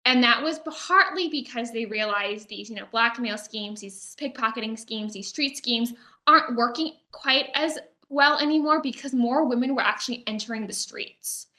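A woman guest telling a history story in an interview, lively, often acting out the people she quotes. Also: fairly high pitch, moderate pace, echoey room. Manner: animated, acts out quoted characters. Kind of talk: conversational storytelling.

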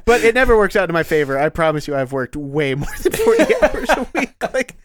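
A man with a higher voice who talks fast and laughs often during casual podcast chat. The sound is dry and close. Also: wildly swooping pitch, dry recording. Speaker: podcast co-host.

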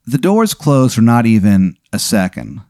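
A man's voice: mid-range voice, sing-song, measured pace, warm tone, no echo, clean studio sound. A man running a tabletop game as game master, narrating scenes animatedly with crude humor.

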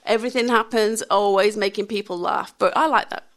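A woman, telling candid, animated stories as a radio interview guest and laughing often. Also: medium pitch, a little fast. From England. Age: 50s. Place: radio studio.

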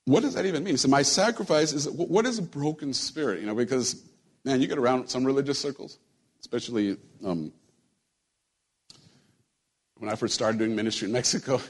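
A man preaching a sermon to his church in a relaxed, conversational way, joking with the congregation and often repeating his words. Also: medium pitch. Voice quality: husky. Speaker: pastor. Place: church sanctuary.

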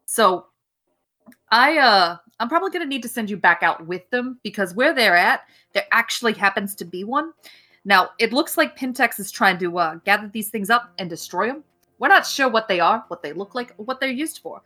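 A woman's voice: on the high side, animated, normal speed, pushed and bright. A young woman narrating a tabletop game as game master, casual and profane, voicing many characters.

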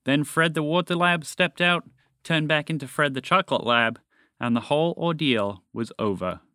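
Male storyteller, bright tone, dry recording, gentle children's-story read. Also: normal speed, dry recording. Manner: gentle storybook reading, raising his pitch for characters' lines.

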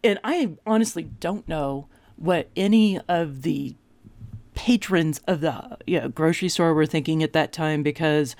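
Animated woman in her fifties telling stories. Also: low-pitched, unhurried, dry recording. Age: 50s. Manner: animated, self-mocking, voice jumps up for punchlines. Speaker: vlogger. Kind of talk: comic personal storytelling.

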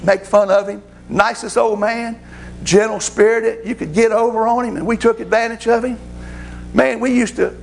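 A middle-aged man delivers a sermon through folksy, animated stories. His voice sits high and carries a rough, gravelly edge, with a faint hiss of noise behind it. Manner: folksy, animated storytelling with laughs. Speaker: preacher. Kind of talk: storytelling sermon.

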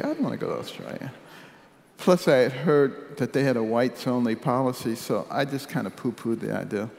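Older man from Detroit, measured wry storyteller, mid-pitched, echoing hall reverb. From Detroit, United States. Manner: measured, wry, drops softly at serious moments. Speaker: speaker telling his life story. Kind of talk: personal storytelling speech. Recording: echoey hall with long reverb.

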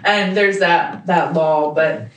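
A woman with a soft, soothing voice, chatting casually as a tattoo artist and co-host. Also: lowish voice, takes it slowly. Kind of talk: casual chat. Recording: roomy, picked up from far off the mic.

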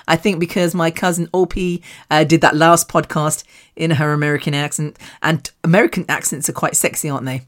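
A British woman hosts a solo podcast and talks straight to her listeners. Her voice sits on the low side for a woman. She rambles candidly, mocks herself and swears in passing. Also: fairly even intonation, fairly quick. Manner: chatty, rambling and self-mocking, swears casually. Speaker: podcast host.

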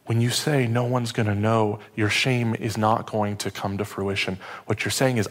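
Male pastor, lowish voice, casual sermon delivery, hushes for emotional beats. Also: little pitch movement, normal speed, few pauses, big-room sound. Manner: conversational, self-deprecating, drops to hushed tones for emotional story moments.

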